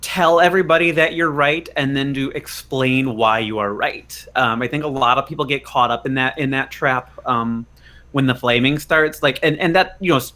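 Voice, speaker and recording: A man co-hosts a casual gaming podcast at a mid-range pitch. He offers earnest advice, with plenty of "um"s while he finds his words. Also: normal speed, sharp tone. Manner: earnest advice-giving with hesitant fillers. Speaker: podcast co-host.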